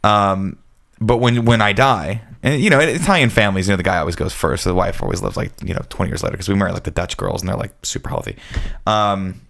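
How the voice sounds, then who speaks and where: A man's voice: deep voice, fast, vocal fry, a bit bright. A man co-hosting a podcast in casual, joking chat. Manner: joking, rambling, drops into a put-on grunt. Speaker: podcast co-host.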